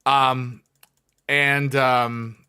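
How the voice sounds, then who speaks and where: Brief: bright-toned male streamer, chatty, wandering, full of ums. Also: medium pitch, little pitch movement, very slow, clear, resonant tone. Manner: rambling, many fillers, reads chat aloud. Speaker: livestreamer, former teacher. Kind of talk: casual livestream chat.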